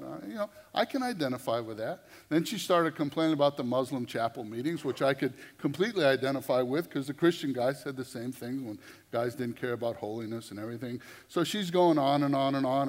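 Guy preaching, telling a story all animated, mid pitch, lots of hall reverb. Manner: animated, conversational, repeats words. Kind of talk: sermon storytelling. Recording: long reverb of a large hall.

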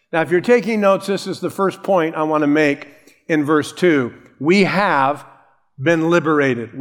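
A man preaching a sermon, measured and emphatic, stretching out key phrases slowly. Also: on the high side. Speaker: pastor.

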